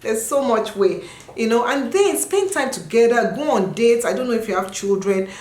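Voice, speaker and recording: A woman from Nigeria, around her thirties, chatting casually as she answers viewer questions and jumping into high sung and yelled bits. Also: expressive, normal speed, roomy sound. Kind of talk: casual chat.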